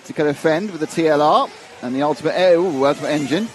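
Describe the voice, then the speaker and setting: A man's voice: a little high, fast talker, slight background noise. A man commentating live on a model car race, chatty and jokey, thinking aloud as he goes.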